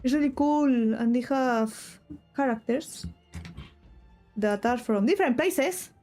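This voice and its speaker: Speaking slowly in a high, mellow voice, with soft music playing behind her, this young Spanish woman chats in English to her stream while drawing. Her Spanish accent comes through as she rambles, interrupts herself and giggles.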